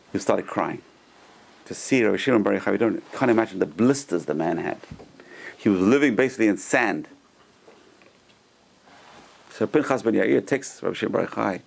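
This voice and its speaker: Gravelly-voiced rabbi teaching a class. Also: male voice, on the low side, a little mellow, slight background noise. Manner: conversational, repeats himself, tells stories with chuckles. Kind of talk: Torah lesson with storytelling.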